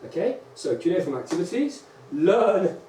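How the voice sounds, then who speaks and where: A man, a rabbi, giving a lively conference lecture to teachers and often checking in with "right?" and "okay?". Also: sits high, moderate pace. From England. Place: large lecture hall. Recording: echoey hall, distant mic, faint hum.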